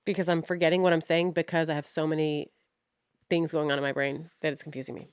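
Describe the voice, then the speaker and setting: A woman's voice: deep voice, level tone, fast talker, clear, resonant tone, no room sound, clean studio sound. A young woman hosting her own podcast, rambling frankly, swearing often and mocking herself as she loses her train of thought. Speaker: podcast host. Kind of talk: casual rambling monologue.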